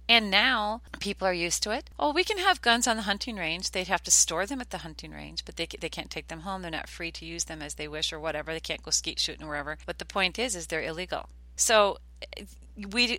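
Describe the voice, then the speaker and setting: A woman's voice: on the low side, sharp tone, no room sound. An older woman hosting a podcast, talking in an earnest, chatty way and telling stories. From United States. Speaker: podcast host. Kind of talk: casual podcast talk.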